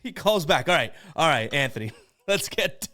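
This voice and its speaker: A man's voice: fairly high pitch, very animated, normal speed, pushed and bright. A man from Boston hosting a podcast, reacting to voicemails in a casual, chatty way with frequent laughs. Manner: chatty, laughs often, stumbles over words. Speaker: podcast host.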